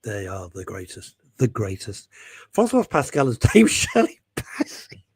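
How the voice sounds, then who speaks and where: A man's voice: lowish voice, wildly swooping pitch, measured pace, husky, no echo, studio quality. A man from England hosting a radio show, chatting in a jokey, rambling, self-mocking way.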